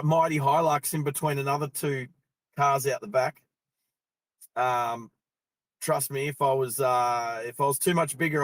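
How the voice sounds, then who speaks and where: A man's voice: mid-range voice, no room sound. Chatty Australian man talking while driving. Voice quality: chatty, laughs easily, many fillers. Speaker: driving vlog host. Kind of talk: casual storytelling while driving. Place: in a car on the road.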